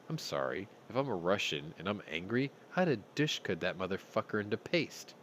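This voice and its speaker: A man's voice: fairly low pitch, very animated, moderate pace, hardly any pauses, fairly bright tone, a little hiss or hum. A man hosting a news commentary show, talking bluntly with heavy profanity and open anger. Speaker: host.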